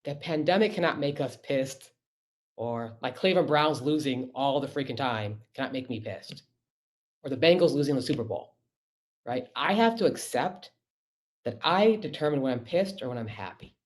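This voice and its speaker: A man's voice: mid-range voice, expressive, moderate pace. A middle-aged man, a physician, giving a conversational webinar talk over a computer mic, emphatic and often checking in with rhetorical questions.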